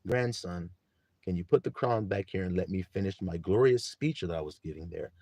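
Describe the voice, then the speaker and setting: A man voicing an elderly heavenly grandfather figure who speaks in a low, soft, patient fatherly tone. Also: moderate pace, no room sound. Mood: patient, mild.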